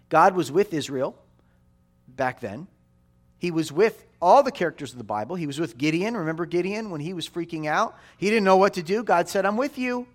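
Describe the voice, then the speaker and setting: A man in his forties delivers a sermon in a fairly high voice. His pitch swings widely as he drives his points home. He repeats phrases for weight and keeps asking his listeners "right?". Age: 40s. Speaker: pastor.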